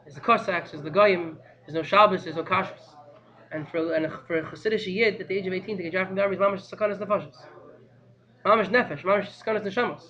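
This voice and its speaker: A man teaching a class by telling a story in an animated, excitable way, repeating phrases for emphasis. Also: sits high, quick pace, highs cut off.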